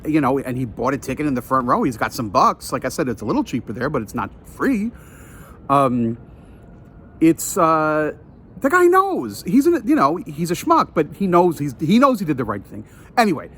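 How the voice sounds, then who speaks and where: Un hombre que cuenta una anécdota de forma casual y animada, exasperado, interrumpiéndose a sí mismo, grabado al aire libre. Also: male voice, fairly high pitch. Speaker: storyteller. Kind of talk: casual storytelling vlog. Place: outdoors near a train line.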